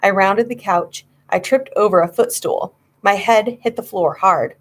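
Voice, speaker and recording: A woman's voice: mid-range voice, unhurried. A woman narrating a children's horror story, reading with dramatic suspense. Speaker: audiobook reader.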